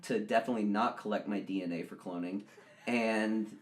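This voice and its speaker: A man hosting a podcast, chatting casually and joking, with sudden loud bursts of laughter and excitement. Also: lowish voice, a little fast. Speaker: podcast host. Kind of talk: casual chat.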